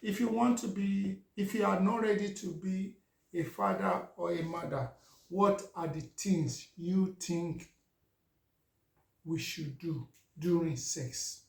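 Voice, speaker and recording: Slow gravelly man. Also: high-pitched, a little mellow, roomy sound. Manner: anecdotal, addresses viewers directly. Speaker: vlogger. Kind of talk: casual storytelling monologue.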